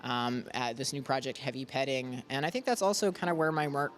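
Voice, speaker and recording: A young man, a filmmaker, answering interview questions haltingly with many "like"s and "um"s. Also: medium pitch, a bit bright, slight background noise. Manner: halting, lots of "like" and "um".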